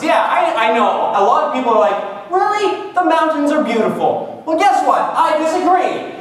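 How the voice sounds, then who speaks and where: A man in his twenties from Canada riffs in a wry, self-mocking monologue, his high voice bouncing all over. He sits well back from the mic, and the room rings with echo. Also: fairly bright tone. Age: 20s. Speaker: vlogger. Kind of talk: casual comic monologue. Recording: echoey room, far from the mic.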